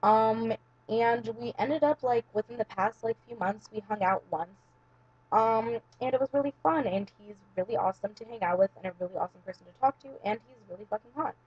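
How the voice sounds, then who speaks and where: A woman's voice: on the high side, a little fast, a little mellow, breathy edge, dull audio. A young woman telling a long personal story to camera in a casual, rambling way, full of "like" and "um.". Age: young adult. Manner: rambling, heavy use of "like" and "um". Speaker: vlogger.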